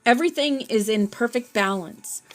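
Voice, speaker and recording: A woman's voice: on the high side, normal speed, natural voice. A woman reading a friendly middle-aged man. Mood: earnest. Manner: plain reading, hardly changed from her narration. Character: friendly fit middle-aged male researcher.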